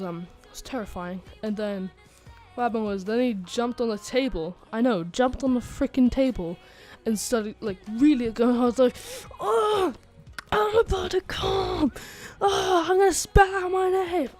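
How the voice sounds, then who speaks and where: A woman's voice: mid-range voice, mellow. Rambling, giggly woman telling a story. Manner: rambling, full of "like" fillers and restarts, giggly asides. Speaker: channel host telling a story. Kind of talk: casual storytime chat. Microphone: desk microphone.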